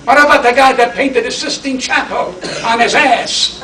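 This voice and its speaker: Brash high-voiced old comic in echoey hall. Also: male voice, moderate pace, pushed and bright, recorded from a distance, slight background noise. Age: 80s. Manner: brash, punchy comic delivery with wisecracks. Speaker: award honoree and comedian. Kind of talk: stand-up acceptance speech. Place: banquet hall.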